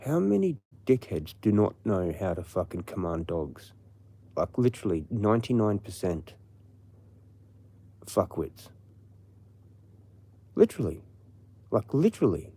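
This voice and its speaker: A man's voice: fairly low pitch, big pitch swings, a little slow, long pauses, mellow, husky. A man with an Australian accent, ranting casually and profanely on a late-night livestream. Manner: profane, rambling. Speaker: livestream host.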